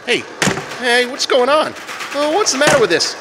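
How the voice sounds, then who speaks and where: A man's voice: extremely high pitch, big pitch swings, normal speed, background noise. An actor playing a cocky young prize fighter who talks in tough-guy slang, in 1940s radio acting. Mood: alarmed.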